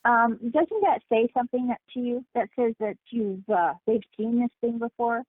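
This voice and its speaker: A woman guest on a call-in talk show, telling her story in an animated, emphatic way over the phone. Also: on the high side, moderate pace, husky, no room sound. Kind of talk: casual phone interview. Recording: tinny phone line.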